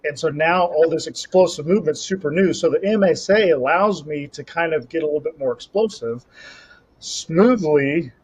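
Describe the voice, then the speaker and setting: A young man on a podcast, casually telling a rambling, animated story about a competition. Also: fairly high pitch, normal speed, husky. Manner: rambling, animated storytelling with self-talk asides. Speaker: podcast co-host and Highland Games athlete. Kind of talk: casual chat. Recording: slightly dull lo-fi audio.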